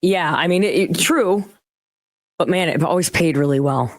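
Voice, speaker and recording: A middle-aged woman co-hosting a casual chat, joking and tossing off quick asides. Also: fairly low pitch, no echo, studio quality. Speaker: co-host.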